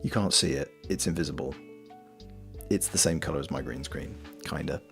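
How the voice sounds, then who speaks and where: A gravelly bass voice at normal speed comes from a young Welsh streamer and voice actor with a Welsh accent. While knitting on stream over faint lo-fi music, he rambles and jokes casually, swearing freely.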